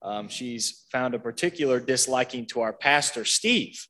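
A man's voice: mid-range voice, lively intonation, moderate pace, bright, forceful tone. A staff member at a senior home tells a story on a panel, chatty and lightly humorous. He is a man with a mid-range voice. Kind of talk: panel interview.

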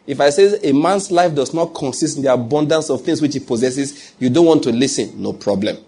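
A man's voice: mid-range voice, brisk, mellow, slightly rough. A man with a Nigerian accent preaching a sermon as a pastor, asking rhetorical questions and mixing in humor.

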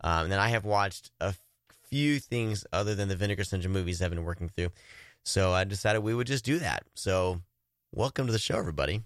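A low-voiced man hosts a casual horror-movie podcast, talking briskly and rambling with restarts and frequent laughter. The studio sound is clean, with no echo.

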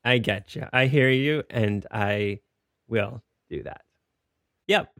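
A man's voice: medium pitch, takes it slowly, a bit bright, no echo, clean studio sound. A man co-hosting a podcast in casual chat, playful and jokey, reading listener questions. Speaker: podcast co-host.

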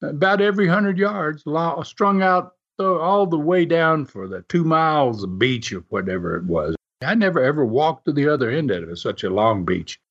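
A man's voice: a little high, moderate pace, hardly any pauses. A man telling a casual anecdote in a rambling way, chuckling often and filling gaps with "uh" and "you know.". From United States. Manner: animated, rambling, chuckles often, many fillers. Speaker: storyteller. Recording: muffled lo-fi recording.

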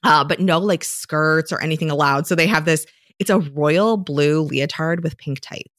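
A woman with a low voice co-hosts a podcast in easy, rambling chat. She talks with many fillers and restarts. The sound is dry and close. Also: normal speed, no room sound. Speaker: podcast co-host; dietitian. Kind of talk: casual chat.

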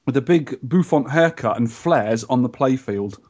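A man's voice: medium pitch, animated, normal speed, a little mellow, breathy edge. A man hosting a podcast, chatting in a jokey, enthusiastic, rambling way. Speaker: podcast host. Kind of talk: casual chat.

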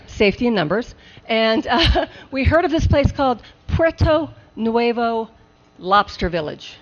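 A woman telling a comic story on a live show, animated and laughing often. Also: on the high side. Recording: dull lo-fi live recording with faint hiss.

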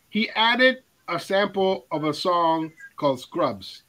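An enthusiastic man hosting a music countdown chat. His voice sits a little high and sounds bright and forceful, with plenty of fillers. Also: very animated, slow, low-quality recording. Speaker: radio countdown host. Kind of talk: casual panel chat.

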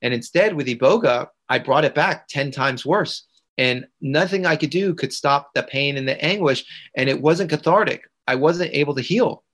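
A fairly high-pitched, slightly bright male voice moves at normal speed. The speaker, an integration coach interviewed on a podcast, earnestly tells a story from his life, repeating phrases for emphasis.

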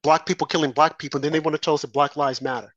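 A man with a fairly high voice gives an impassioned political commentary monologue as a talk show host. He fires off rhetorical questions and mocks the other side in quick asides. The sound is dry and close, with almost no room. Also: steady tone, a bit bright, no echo, lo-fi sound.

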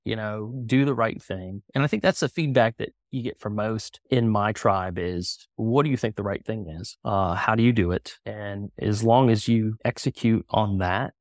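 A middle-aged man talking casually as a podcast guest, relaxed and full of fillers. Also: fairly low pitch, dry recording, studio quality. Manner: relaxed, conversational, many fillers. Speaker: guest, company co-founder.

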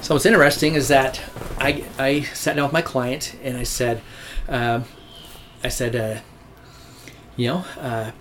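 A real estate agent casually recounting a deal with a client, rambling with restarts and acting out quotes. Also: male voice, mid-range voice, fairly even intonation, unhurried, long pauses, background noise. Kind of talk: casual storytelling.

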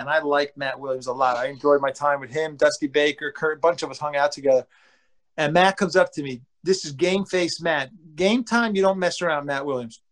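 A man, a former baseball pitcher, telling casual anecdotes with animated delivery, acting out his teammates' lines and swearing casually.

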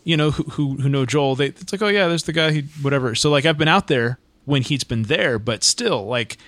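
A man's voice: mid-range voice, expressive, fairly bright tone, no echo. Easygoing man in a dry room. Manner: easygoing, quick agreeing interjections. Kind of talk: casual chat.

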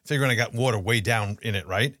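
A middle-aged man co-hosting a podcast, telling a story in casual chat with animated delivery and frequent restarts. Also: on the low side, fast talker, no echo, studio quality. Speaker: podcast co-host.

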